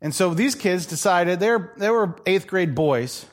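A man's voice: high-pitched, a little slow. A middle-aged male pastor preaching a sermon, telling funny stories and acting out the people in them. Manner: animated, joking, acts out voices in his stories.

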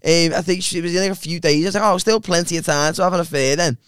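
Podcast co-host, sweary, laughs a lot, dry close sound. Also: male voice, a little high, fairly even intonation, very fast, fairly bright tone, clean tone, no echo. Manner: sweary, laughs at his own stories. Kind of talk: casual banter, telling stories.

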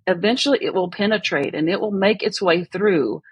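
A woman's voice: medium pitch, fairly quick, slightly rough, no room sound. A woman who is a guest on a podcast interview, telling her personal story in an earnest, reflective way. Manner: earnest and reflective, laughs often.

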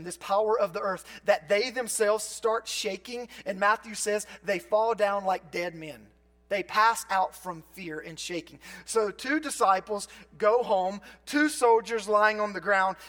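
A man preaching a sermon as a pastor, conversational, moving between loud emphatic bursts and quiet, low asides.

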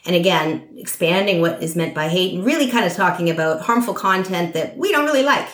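A woman's voice: on the low side, animated, brisk. Echoey, hesitant woman discussing politics. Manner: thoughtful, hesitant, many fillers and restarts. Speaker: podcast guest. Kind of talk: political conversation.

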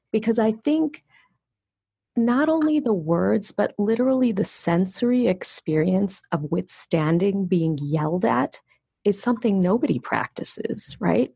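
A woman's voice: lowish voice, creaky, darkish tone, husky, dry recording. A woman interviewer asking reflective questions and thinking aloud. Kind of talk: conversational interview.

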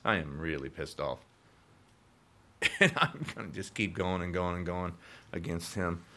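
A man's voice: deep voice, measured pace, sharp tone. A man of sixty ranting on his own podcast, heated and repetitive, his voice jumping up when he gets indignant. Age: 60s. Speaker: podcast host. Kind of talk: political rant podcast.

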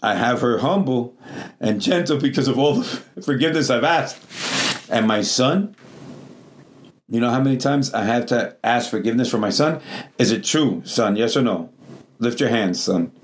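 A man's voice: mid-range voice, animated, moderate pace, slight background noise. A middle-aged man preaching a Pentecostal sermon in a church, calling out to the congregation, in non-native English phrasing. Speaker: pastor.

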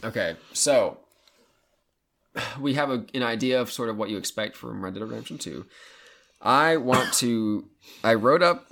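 A man hosting a podcast, chatting casually and eagerly, often pausing to hunt for the right word. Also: mid-range voice, creaky, fairly bright tone. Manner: enthusiastic, searching for words mid-sentence. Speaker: podcast host. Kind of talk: casual chat about video games.

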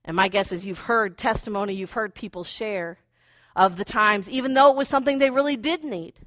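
A woman's voice: mid-range voice, fairly quick, fairly bright tone, dry recording. A woman preaching a conversational sermon who acts out inner voices playfully.

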